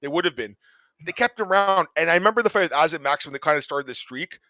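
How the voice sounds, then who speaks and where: Male host, quick and bright, excitable sports chat. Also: on the high side, dry recording. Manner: excitable, animated fan talk. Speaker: podcast host.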